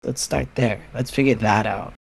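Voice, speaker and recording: A man's voice: mid-range voice, normal speed, gravelly, breathy edge, dry recording. Frank, dry-sounding man sharing openly. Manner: frank, animated, swearing, acting out friends' voices. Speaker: podcast guest. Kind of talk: candid casual chat.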